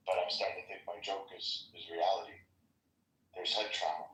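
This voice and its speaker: A man's voice: sits low, level tone, a little fast, a bit bright, roomy sound, far from the mic, a little hiss or hum, poor audio. A man hosting an online audio room, chatting casually in a rambling, profane way. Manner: rambling, profane, trailing off mid-thought. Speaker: room host.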